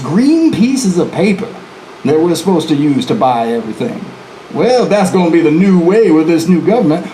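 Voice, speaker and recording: A man's voice: on the high side, warm tone, roomy sound, slight background noise, natural voice, poor audio. A man playing a boastful, defiant male outlaw bank robber in a folksy first-person storytelling performance, talking straight to the audience. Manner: folksy, chatty asides to the audience. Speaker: historical reenactor. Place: live presentation venue, indoors.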